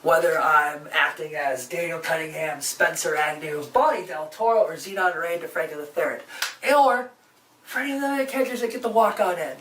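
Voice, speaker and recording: Low-key man in an echoey room. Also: a little fast, pushed and bright, slight background noise. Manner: low-key, self-deprecating. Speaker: creator and voice performer. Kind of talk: casual thank-you message. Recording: roomy and distant from the mic.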